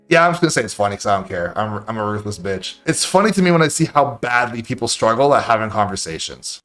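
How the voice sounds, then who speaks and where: A man speaking on a live stream in a blunt, profane, animated way, acting out quoted voices as he gives advice. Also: medium pitch. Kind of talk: casual live-stream rant.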